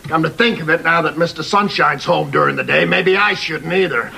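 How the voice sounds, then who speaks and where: Wry older sitcom dad, gravelly male voice, loud noisy broadcast audio. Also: fairly high pitch, brisk. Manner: dry, wry.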